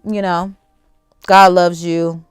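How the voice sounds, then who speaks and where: A young adult woman hosting a casual livestream, chatty and animated, talking straight to her viewers in slangy asides. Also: lowish voice, slow pace, smooth, dry recording, studio quality, soft background music. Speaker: livestream host.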